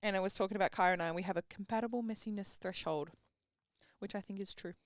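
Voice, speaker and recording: A young woman, chatting playfully on a podcast, retelling stories with drama and quiet asides. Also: mid-range voice, quick pace, no room sound, clean studio sound. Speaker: podcast co-host. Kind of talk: casual chat.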